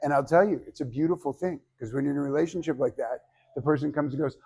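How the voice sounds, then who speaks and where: Man, public speaking teacher, fairly high voice, lively, acts out quotes, casual swearing. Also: fast. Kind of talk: informal class lecture.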